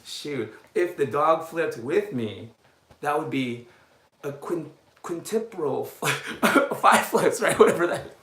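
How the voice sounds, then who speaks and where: A man's voice: on the high side, animated, slow, a bit bright, reverberant. A man, a dog groomer, chatting casually while he grooms, rambling and poking fun at himself, laughing at his own jokes.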